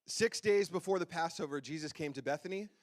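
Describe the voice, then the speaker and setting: A slightly fast man with a voice on the high side preaches as pastor in the church sanctuary. Into his handheld mic he gives a chatty, playful, conversational sermon, regularly asking the congregation questions.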